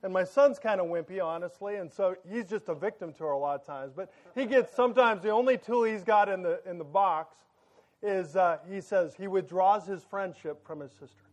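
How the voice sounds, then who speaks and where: A man in his thirties, a pastor giving a sermon in church, telling joking family stories in a loud, excited way. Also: sits high, brisk. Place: church sanctuary.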